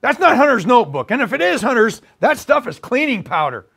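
A man's voice: extremely high pitch, sing-song, fairly quick, vocal fry, fairly bright tone, husky, pitched above the performer's own voice, full character voice. A man doing a comic impression of a rambling, confused elderly president who halts, repeats himself and trails off.

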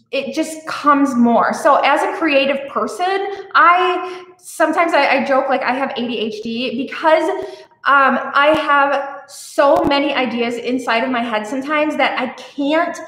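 A woman hosting an art live stream, chatting casually and rambling off on tangents while reacting warmly to viewer comments. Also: sits high, reverberant. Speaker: art channel host.

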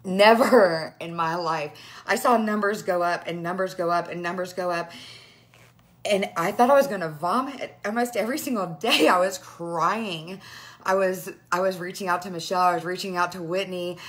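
A tearful, overwhelmed woman in her thirties talks straight into a phone camera, gushing and rambling as she shares her news. Her voice sits a little low for a woman, and she keeps breaking off mid-sentence. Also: fairly quick. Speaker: direct sales team leader. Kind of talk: emotional live video to followers.

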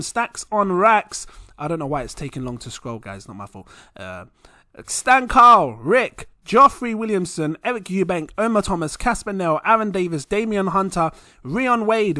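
A man's voice: high voice, pushed and bright, dry recording, clean studio sound. A young man hosting his own crypto channel, chatting casually and rambling, often laughing at himself. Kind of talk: casual vlog talk to camera. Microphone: plugged-in desk microphone.

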